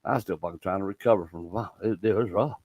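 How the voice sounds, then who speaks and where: A middle-aged man, hosting a casual chat and telling stories in an animated way, swearing freely. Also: low-pitched, racing, husky, no echo, rough recording. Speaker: podcast host.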